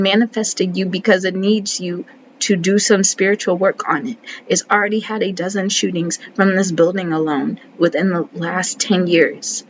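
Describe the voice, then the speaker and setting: A woman giving a casual, earnest book review who talks herself through her worries and slows down to list key terms. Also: lowish voice, steady tone, muffled recording, a little hiss or hum.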